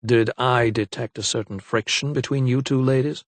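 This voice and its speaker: A man voicing a young gentleman doctor in an audiobook, courteous, wry and teasing. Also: mid-range voice, fairly even intonation, moderate pace, no room sound, close to an everyday voice. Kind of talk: audiobook character voice.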